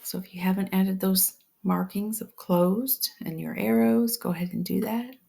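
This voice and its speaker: A woman teaching a phonics lesson step by step, patient and slow, often dropping to a whisper. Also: medium pitch, steady tone, creaky, dark tone, husky.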